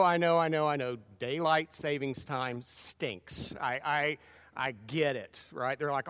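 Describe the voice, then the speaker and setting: A man's voice: a little high, a bit bright, clear, resonant tone, no room sound, in a large hall. A man preaching a sermon in a folksy, conversational way, telling stories with frequent restarts. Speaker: pastor.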